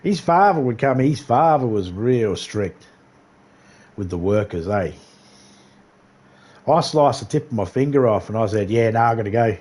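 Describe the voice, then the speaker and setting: A man spins a loose, rambling anecdote on his gaming stream. His voice sits at a middling pitch, and he swears freely and breaks into laughter often. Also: animated, moderate pace, long pauses, a little mellow. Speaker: livestream gamer. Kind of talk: casual storytelling.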